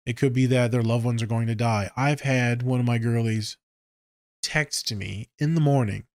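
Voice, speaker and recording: A man who works as a therapist, hosting a casual podcast and telling stories in a profane, joking way, swinging between low mutters and sharp high exclaims. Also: normal speed, no room sound, clean studio sound. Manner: profane, joking, with frequent swearing.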